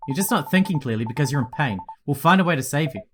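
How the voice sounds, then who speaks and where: A man's voice: fairly high pitch, lively intonation, fast, music in the background, close to an everyday voice. A man reading a stubborn young woman. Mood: insistent. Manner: firm, determined.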